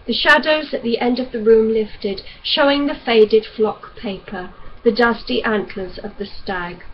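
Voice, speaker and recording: A woman reading a novel aloud in an even, unhurried narrating voice. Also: a little high. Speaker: audiobook reader. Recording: dull lo-fi recording with faint hiss.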